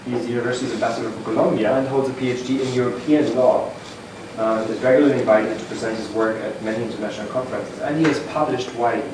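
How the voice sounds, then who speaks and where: A man hosting an event introduces a guest speaker, stopping often to fill pauses. He is recorded from well back in a very echoey lecture room, and steady noise sits under his voice. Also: mid-range voice, recorded from a distance. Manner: halting, many fillers.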